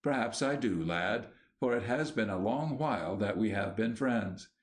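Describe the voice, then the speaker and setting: A man's voice: lowish voice, expressive, close to an everyday voice. A man voicing a tired, wistful old bishop. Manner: soft, measured and sorrowful. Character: aging gentle male bishop, wistful and tired.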